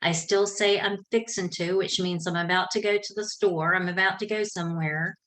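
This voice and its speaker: A woman's voice: fairly low pitch, steady tone, moderate pace, a bit bright, poor audio. Southern lady w/ a drawl, middle-aged, chatty podcast tips from her home office. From South Georgia, US. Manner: chatty, self-correcting, folksy. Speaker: podcasting coach. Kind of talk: casual how-to talk. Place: home office with a fan running.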